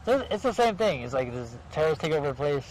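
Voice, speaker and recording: A man's voice: a little high, big pitch swings, quick pace, darkish tone, a little hiss or hum, low-quality recording. A man hosting a late-night horror show, chatting and telling jokes outdoors at a cemetery, laughing at his own punchlines. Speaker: show host. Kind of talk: casual chat.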